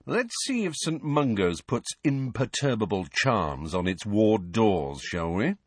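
A man's voice: fairly low pitch, big pitch swings, a little slow, dry recording. A man voicing a cheeky, prying teenage wizard boy, in an audiobook reading.

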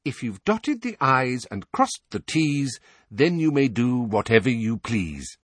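A man's voice: mid-range voice, big pitch swings, unhurried, slightly rough, no room sound. A man reading an audiobook and voicing a cheerful, prim talking homework diary. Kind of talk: audiobook character voice.

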